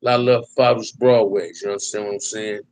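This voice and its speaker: A man's voice: lowish voice, little pitch movement, quick pace, a little mellow, no echo, poor audio. A man from Compton hosting a casual live stream, reading viewer comments and answering them in laid-back, slang-heavy talk that keeps ending on "man". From Compton, California. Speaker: livestream host.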